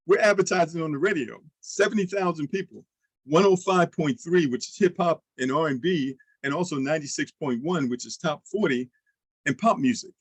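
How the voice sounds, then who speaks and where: A man leading an online sales training, coaching listeners with energetic questions and example pitches. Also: husky, dry recording, rough recording.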